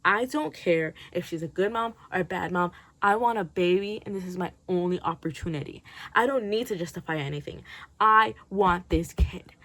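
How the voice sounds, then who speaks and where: A woman's voice: lowish voice, normal speed, fairly bright tone, dry recording, rough recording. A woman mimicking a desperate woman who wants a baby, speaking in an insistent, self-justifying way.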